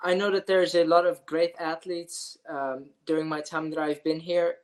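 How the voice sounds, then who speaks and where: A man's voice: on the high side, poor audio. A young man from the Netherlands with a Dutch accent, answering interview questions earnestly with frequent ums and uhs. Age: young adult. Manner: earnest, with frequent fillers and restarts. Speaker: student athlete, interviewee.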